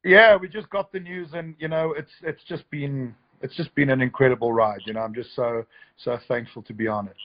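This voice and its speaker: A man's voice: medium pitch, fairly even intonation, brisk, highs cut off. A man, a filmmaker guest, chatting enthusiastically on a live stream, joking and restarting his sentences often. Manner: enthusiastic, rambling, jokey with many restarts. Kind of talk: casual live-stream chat.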